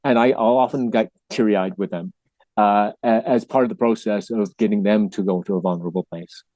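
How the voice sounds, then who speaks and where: A man telling an earnest, emotional story as a podcast guest, sometimes dropping soft and low. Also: fairly quick, no room sound. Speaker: podcast guest, actor and workshop teacher. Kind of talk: casual storytelling.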